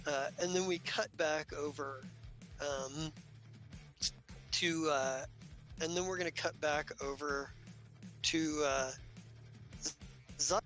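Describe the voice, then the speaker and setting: A man running a tabletop game as game master, unhurried and full of fillers and restarts. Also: on the high side, fairly even intonation, fairly bright tone, soft background music, rough recording.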